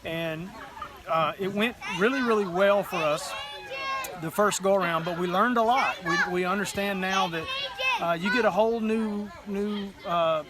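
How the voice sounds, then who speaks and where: A man's voice: high voice, moderate pace. Folksy man, lightly raised voice, crowd behind. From Mississippi, USA. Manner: humble, folksy, easygoing. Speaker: guest homesteader. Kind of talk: casual interview. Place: outdoors at a crowded gathering. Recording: crowd chatter in the background.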